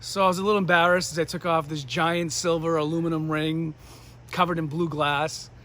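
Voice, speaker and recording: New hampshire guy telling a story on stage, high voice, acts out everyone. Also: a little fast. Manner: animated, acts out the voices of people in his story. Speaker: motivational speaker. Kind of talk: storytelling speech.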